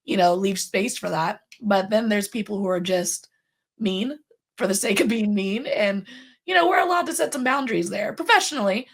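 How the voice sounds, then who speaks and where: A woman hosting a casual interview podcast, laughing often and talking in an animated way. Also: medium pitch, moderate pace. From San Francisco Bay Area. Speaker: podcast host.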